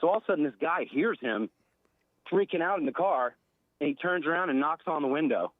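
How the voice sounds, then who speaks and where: A man's voice: fairly high pitch, expressive, a little fast, no room sound. Rambling male caller on a tinny phone line. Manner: rambling with many fillers and laughs. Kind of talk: casual phone-in storytelling.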